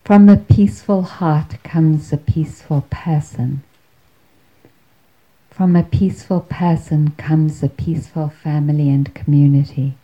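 A woman voicing a gentle, serene male monk teacher in a calm, unhurried way. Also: low-pitched, muffled recording.

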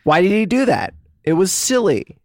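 A man's voice: sits high, big pitch swings, normal speed, no echo, studio quality. A man co-hosting a podcast, talking in joking, rambling banter. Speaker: podcast co-host. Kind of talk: casual chat.

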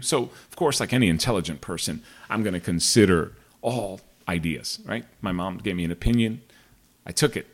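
A man's voice: low voice, moderate pace. A man telling a personal story in a casual, rambling monologue to his viewers. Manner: rambling, digressive, frank.

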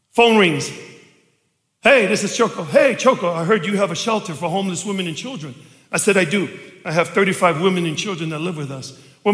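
A middle-aged man pastor telling stories in a sermon, acting out dialogue and shouting for emphasis, recorded in a church sanctuary. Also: high voice. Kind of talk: storytelling sermon. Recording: echoey church hall.

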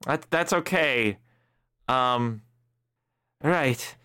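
A man's voice: medium pitch, very slow, sharp tone, clean tone. A man joking around as game master while narrating a tabletop game.

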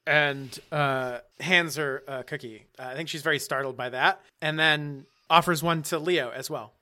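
Game master guy, slightly high voice, really bright, chatty with lots of uhs. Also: moderate pace. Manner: relaxed, chatty narration with fillers. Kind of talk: narrating a tabletop game.

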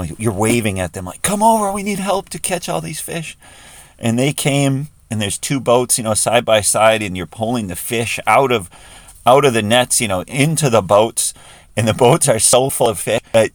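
A man's voice: fairly low pitch, dry recording. A man leading a guided imaginative prayer in a conversational way, with frequent restarts.

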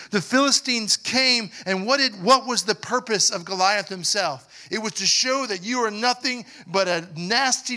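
A man preaching a sermon as pastor, asking the congregation questions and building to loud, emphatic passages. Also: high voice.

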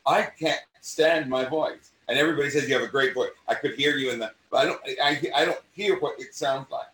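Acting coach, male, mid-Atlantic accent, slightly high voice, animated, recorded in a roomy space from a distance. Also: a little fast. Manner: animated, repeats and restarts phrases. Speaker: acting teacher. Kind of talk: conversational interview.

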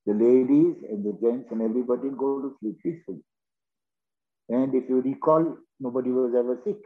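A man talks in short, earnest phrases, urging his point. His voice comes through a thin, phone-like line with a middling pitch. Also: a little fast. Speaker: interview guest. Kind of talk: earnest conversational storytelling. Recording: tinny phone-like call audio.

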